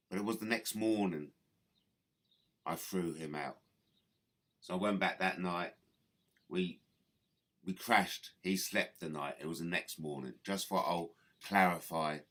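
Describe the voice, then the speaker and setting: A man's voice: low-pitched, measured pace, pauses often, a bit bright. A man hosting a livestream, chatting casually and thanking viewers. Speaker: livestream host. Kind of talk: casual chat.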